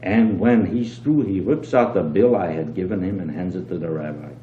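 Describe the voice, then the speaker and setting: Older male story reader, lively, low and mellow, on a dull roomy home tape with hum. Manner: lively storyteller, brisk and dropping low on asides. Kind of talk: reading a short story aloud.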